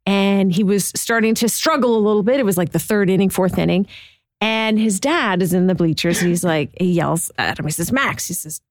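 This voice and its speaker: A woman's voice: medium pitch, a little fast, no echo, studio quality. A middle-aged woman co-hosting a podcast, earnest and emotional in casual chat. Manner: earnest and emotional, laughs easily. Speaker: podcast co-host.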